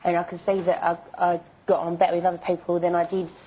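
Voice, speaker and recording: A woman's voice: fairly low pitch, completely flat delivery, quick pace, warm tone, husky, rough recording. A young woman being interviewed, stammering and repeating herself as she insists on her apology. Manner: stammering, repeats words, emphatic denials. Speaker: interview guest.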